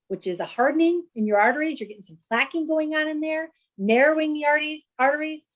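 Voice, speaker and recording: Middle-aged female doctor, fairly high voice, chatty explainer. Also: low-quality recording. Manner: explanatory, chatty, frequent "you know" fillers. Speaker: doctor explaining heart health. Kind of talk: conversational explanation.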